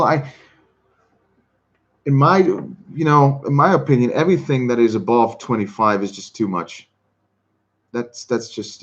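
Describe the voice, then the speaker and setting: A man hosts a relaxed livestream, reading comments and talking in a halting way. He often doubles back on his words and chuckles between thoughts. His voice sits at an ordinary middle pitch, and the stream audio sounds slightly dull. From Switzerland. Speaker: livestream host. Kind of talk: casual chat reading viewer comments.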